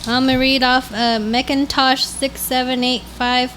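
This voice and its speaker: A woman co-host in casual podcast chat, giggly and animated, swearing casually. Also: high-pitched, moderate pace, faint music behind, low-quality recording. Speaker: departing co-host.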